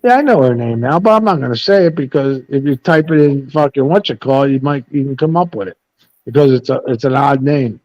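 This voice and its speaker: A man's voice: mid-range voice, fast talker, a little mellow, dry recording, highs cut off. A man in a casual live chat, telling stories in a blunt, profane, rambling way. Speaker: panel host.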